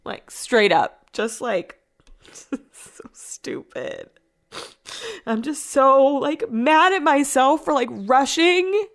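A woman's voice: high voice, animated, slow pace. A young adult woman rambling through a casual vlog story, full of "like" fillers. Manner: chatty and rambling, with constant "like" fillers. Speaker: vlogger and radio host.

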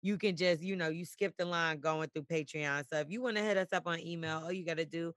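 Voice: mid-range voice, quick pace, fairly bright tone, no echo, studio quality. A podcast co-host in casual chat, joking bluntly and reading out listener messages.

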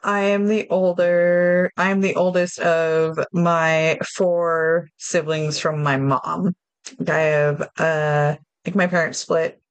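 A woman's voice: on the low side, little pitch movement, takes it slowly, clean tone, dry recording. A woman hosting a chat podcast, upbeat and chatty, steering the talk between topics. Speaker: podcast host. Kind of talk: casual chat.

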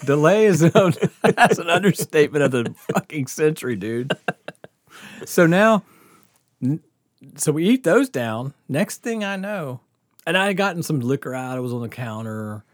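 A man's voice: a little high, very animated, normal speed, dry recording, studio quality. A man telling a story in casual chat, laughing often and swearing freely. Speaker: podcast host telling a story.

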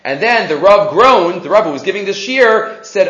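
A man delivers a storytelling sermon with a high, very lively voice, acting out each character. The recording is roomy and echoey, with a dull, muffled sound. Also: normal speed, few pauses. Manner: animated storyteller, acts out characters. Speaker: rabbi or teacher giving a sermon.

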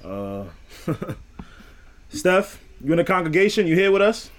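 A man's voice: high voice, very animated, a little slow, a little hiss or hum. A man co-hosting a podcast, telling a story in a teasing, joking way with playful mock-preacher asides. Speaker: podcast co-host. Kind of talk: casual chat.

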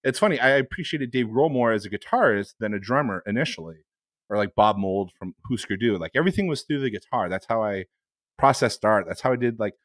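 A man's voice: on the low side, animated, fairly quick, no room sound. A man co-hosting an improv comedy podcast, rambling earnestly between teasing bursts. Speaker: podcast co-host. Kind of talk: casual improv podcast chat.

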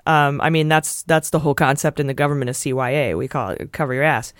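A woman's voice: low voice, fast talker, no room sound, studio quality. A woman co-hosting a political podcast, talking casually in a blunt, profane, sarcastic way. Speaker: podcast co-host.

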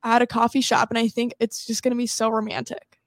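A woman's voice: fairly high pitch, completely flat delivery, a little fast, no room sound, low-quality recording. A woman in her twenties co-hosting a podcast, teasing her friends and steering the chat. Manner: teasing, leads the talk and sets up topics. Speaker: podcast co-host. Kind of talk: casual chat.

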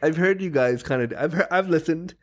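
A man hosting a casual podcast chat, animated and laughing often, trailing off and restarting mid-sentence. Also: on the high side, a little fast. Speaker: podcast host; power wheelchair user.

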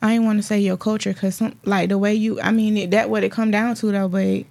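A woman's voice: mid-range voice, flat delivery, a little fast, vocal fry, darkish tone. A woman co-hosting a casual podcast, plainly explaining her view. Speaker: podcast co-host.

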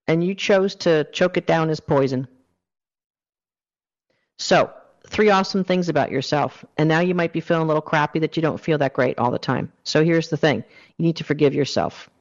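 A man with a fairly high voice gives a motivational self-help talk, earnestly coaching the listener through a guided exercise. The recording sounds dull and lo-fi.

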